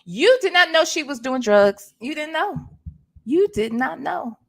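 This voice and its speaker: A woman vlogger doing animated gossip commentary, repeating herself and talking back to her live chat. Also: high-pitched, measured pace, creaky.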